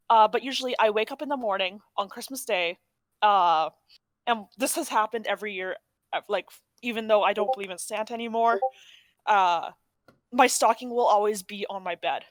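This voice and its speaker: A woman's voice: medium pitch, dry recording. Young woman, podcast co-host, rambling casual talk, dry close sound. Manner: rambling, self-correcting, chatty. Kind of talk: casual chat.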